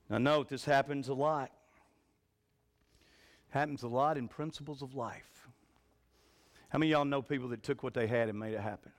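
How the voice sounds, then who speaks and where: A man preaching a revival sermon in a church, telling folksy stories and swinging from shouts to a hushed voice. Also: medium pitch, steady tone, moderate pace, pauses often. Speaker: pastor. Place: church sanctuary.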